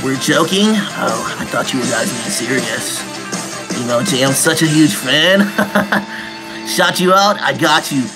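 Slow, gravelly young guy streaming. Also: mid-range voice, over music. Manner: jokey mock-teen slang, laughing often. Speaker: livestreamer. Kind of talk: comedic livestream chat in an emo persona.

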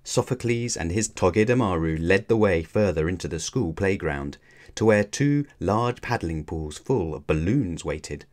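A man reading a children's storybook aloud in a measured, expressive way. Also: sits low. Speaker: children's book reader.

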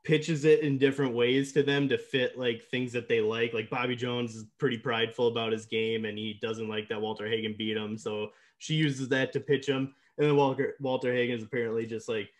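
A man's voice: medium pitch, little pitch movement, fairly quick, few pauses. A man co-hosting a casual movie podcast, rambling with lots of fillers and laughing often. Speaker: podcast co-host.

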